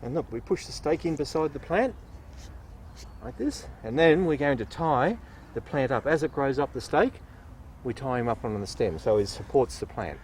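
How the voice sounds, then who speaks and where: Upbeat nurseryman, lively voice. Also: medium pitch, normal speed, slight background noise. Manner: patient, upbeat explaining while digging and planting. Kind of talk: garden how-to demonstration. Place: outdoor plant nursery garden bed.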